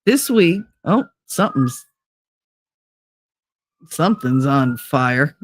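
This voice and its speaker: A woman's voice: rumbling low, animated, slow pace. A woman hosting a casual livestream, chatting loosely, greeting viewers by name and swearing freely. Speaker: livestream host.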